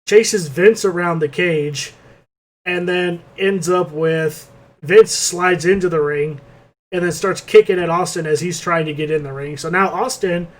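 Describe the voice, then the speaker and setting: A man's voice: high-pitched, measured pace. A man co-hosting a podcast, telling a rambling, profane play-by-play recap in casual chat. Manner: rambling play-by-play, swears freely. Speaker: podcast co-host.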